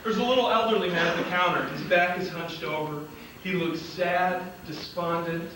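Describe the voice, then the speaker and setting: Man, motivational speaker, comic storyteller, acts out voices, slightly high voice, booming hall echo, far from the mic. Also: moderate pace. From Illinois. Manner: comic storytelling, acts out dialogue, laughs at his own jokes. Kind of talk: storytelling speech to a live audience. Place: large auditorium. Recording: roomy hall sound, distant mic, loud room noise.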